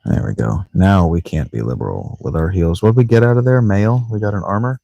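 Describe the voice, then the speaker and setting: A man with a lowish voice chatting his way through a video game, rambling and joking to himself and mangling words for fun. He talks from a sleeping bag in a tent. The sound is dry and close. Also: a little fast, creaky, dark tone, dry recording, muffled recording. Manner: rambling, joking self-talk with playful mispronunciations. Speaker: let's play streamer. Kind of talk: casual gameplay commentary.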